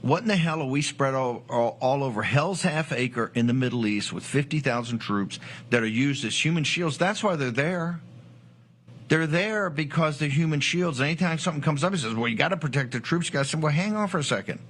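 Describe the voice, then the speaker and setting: A man talking politics in a forceful, rambling way, with frequent fillers and rising emphasis. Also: on the high side, normal speed. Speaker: political commentator. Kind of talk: broadcast political talk.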